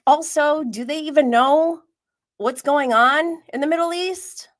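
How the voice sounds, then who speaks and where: A woman's voice: high-pitched, unhurried, fairly bright tone. A woman hosting a live stream about reality TV, chatting in a gossipy way, laughing often and sometimes dropping to a whisper. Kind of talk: casual live-stream commentary.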